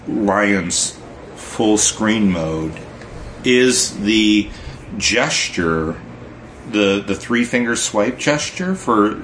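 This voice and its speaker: Slow-talking low-voiced man. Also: fairly bright tone, slight background noise. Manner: unhurried, hesitant, many ums and restarts. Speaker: podcast co-host. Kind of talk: casual tech chat.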